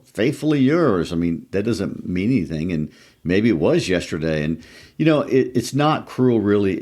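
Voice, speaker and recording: Low-voiced man musing on a podcast. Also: a little mellow. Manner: thoughtful, musing, reads quotations aloud. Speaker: podcast co-host. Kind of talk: conversational literature discussion.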